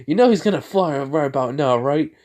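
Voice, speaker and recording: A man's voice: fairly high pitch, lively intonation, brisk, darkish tone, pitched above the performer's own voice, lightly acted. A man doing an urgent edgy hedgehog rival.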